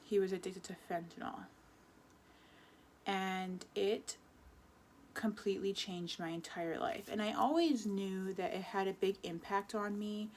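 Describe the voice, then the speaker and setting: A woman's voice: medium pitch, slight background noise. Woman in her 20s venting on her vlog, rambly, keeps restarting sentences, emotional. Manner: rambling, self-correcting, emotional. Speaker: vlogger. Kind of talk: personal confessional vlog.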